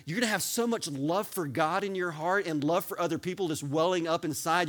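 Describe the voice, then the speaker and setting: A pastor preaching with animated, excited energy, his voice pitched a bit high. He works himself up until he is nearly yelling, then pulls back. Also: fast, few pauses. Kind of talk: sermon.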